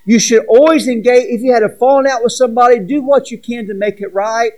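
A man's voice: very high-pitched, fairly even intonation, fast, a little mellow, low-quality recording. A man preaching a sermon as pastor, earnest, reading scripture aloud with asides to the congregation.

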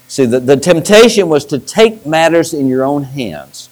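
A man's voice: fairly high pitch, expressive, a little slow, darkish tone, poor audio. A middle-aged man, a pastor, preaching a sermon and telling stories with restarts. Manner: storytelling with restarts and acted-out quotes.

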